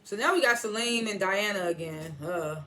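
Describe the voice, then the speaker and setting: A woman's voice: medium pitch, normal speed, a bit bright. A young adult woman chatting casually as she recaps a TV episode, retelling scenes in quoted snippets and speaking frankly. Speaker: TV episode reviewer.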